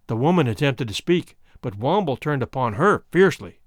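A man narrating a story in an expressive audiobook reading. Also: a little high, normal speed, no echo, studio quality. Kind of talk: scripted narration.

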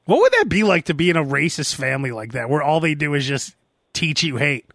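A man's voice: fairly high pitch, sing-song, brisk, fairly bright tone, dry recording, clean studio sound. A man, hosting a podcast in casual comedy banter, joking and putting on mock voices. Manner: jokey, puts on mock drawls. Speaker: podcast host.

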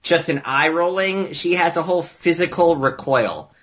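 A man's voice: on the high side, normal speed, a bit bright, dull audio. A man with a Chicago accent, a podcast guest calling in, teasing the host with emphatic remarks. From Chicago, USA. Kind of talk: casual chat. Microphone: remote call line.

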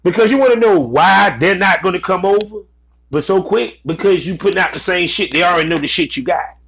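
A man's voice: high-pitched, fairly quick, gravelly, a bit bright, breathy edge. A man giving blunt, profane business advice in a casual, ranting commentary. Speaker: vlogger giving advice to content creators.

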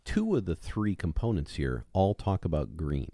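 A man's voice: deep voice, big pitch swings, normal speed, mellow, dry recording, studio quality. A man co-hosting a casual podcast, teasing his partner with sarcastic banter. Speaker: podcast co-host.

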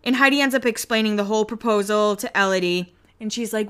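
A young woman hosting a casual recap podcast. She talks in a chatty way, full of "like", and acts out the quotes in quick voices. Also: mid-range voice, fairly bright tone, clear, resonant tone. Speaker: podcast host recapping a reality show.

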